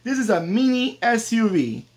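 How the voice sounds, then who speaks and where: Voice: medium pitch, sing-song, normal speed, darkish tone. An American toy collector reviewing a diecast model car in a casual vlog, chatty and enthusiastic, with the odd joke. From United States.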